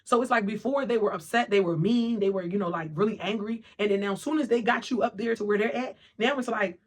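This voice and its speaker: A rapid, emphatic motivational monologue. The speaker keeps checking in with the listener through short asides and slips into quick impressions of other people's voices. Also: mid-range voice. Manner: emphatic, keeps asking "right?" and "okay?".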